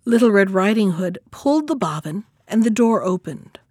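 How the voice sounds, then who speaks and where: A woman narrating a fairy tale in scripted storybook narration, expressive and measured. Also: medium pitch, slightly rough, no room sound, studio quality. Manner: expressive, measured reading aloud.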